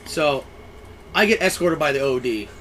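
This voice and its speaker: Lively crude storytelling guy. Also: fairly high pitch, moderate pace, slight background noise. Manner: crude, self-mocking, animated storyteller. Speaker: podcast co-host, sailor. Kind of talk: casual chat, storytelling.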